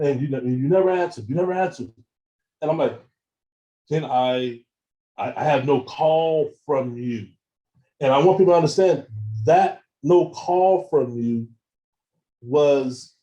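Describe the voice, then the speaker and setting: A man giving a seminar talk with slides, retelling events in an animated way, acting out phone calls and often repeating words as he goes. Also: fairly high pitch, rough recording. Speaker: seminar speaker.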